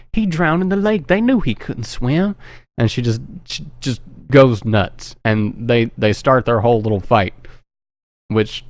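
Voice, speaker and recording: A man's voice: medium pitch, smooth, no room sound. A man retelling a movie plot in a rambling, profane, joking way. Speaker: movie reviewer. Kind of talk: casual film synopsis.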